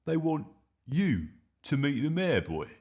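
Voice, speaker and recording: A man's voice: on the high side, big pitch swings, a little slow, darkish tone, slightly rough, pitched above the performer's own voice, exaggerated voice. Man doing a stern, blustering dad. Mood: exasperated. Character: stern, exasperated father.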